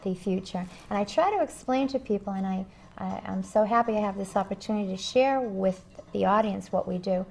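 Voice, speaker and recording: A woman working as a spiritual medium who talks earnestly in an interview, telling stories with emphatic pauses. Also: medium pitch, gravelly, slightly rough. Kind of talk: interview conversation.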